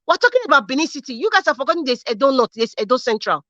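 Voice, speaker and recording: A young Nigerian woman rants about politics on her own vlog, angry and fiery, hammering one rhetorical question after another. Her voice sits high and sounds bright and sharp. The recording is dry and a little dull, like a lo-fi mic. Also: very animated, racing, no echo. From Edo State, Nigeria. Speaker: political commentary host. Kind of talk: impassioned political rant.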